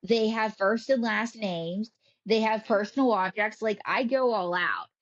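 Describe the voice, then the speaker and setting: A woman, a ventriloquist, talking casually as an interview guest with animated storytelling. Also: mid-range voice, a little slow, highs cut off.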